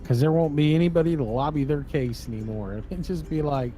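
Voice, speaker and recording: A man's voice: on the high side, brisk, dark tone, soft background music. Rambling man telling home stories. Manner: rambling, laughs at his own stories. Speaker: streamer. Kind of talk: casual storytelling while gaming.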